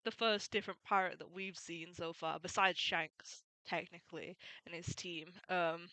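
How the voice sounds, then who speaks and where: A woman's voice: lowish voice, fairly even intonation, normal speed, pushed and bright, dry recording, poor audio. A woman retelling a comic story in a casual, chatty way, adding opinionated and fond asides. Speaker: manga recap YouTuber.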